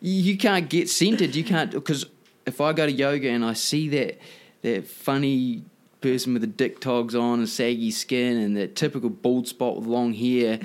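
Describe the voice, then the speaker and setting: A man in a loose, casual chat, swearing freely. He rambles through his points and acts out little scenes. His voice is mid-pitched. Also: normal speed. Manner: rambling, profane, animated storytelling.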